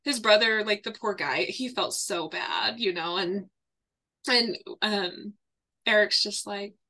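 A woman's voice: mid-range voice, takes it slowly. A woman who works as a fitness coach, telling stories in a casual podcast chat with frequent laughs. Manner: animated storytelling, laughs often. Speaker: online fitness and nutrition coach, guest.

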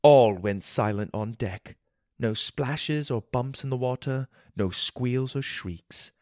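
A man's voice: medium pitch, slow, no echo, clean studio sound. Man narrating an adventure storybook. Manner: animated, voices sound effects.

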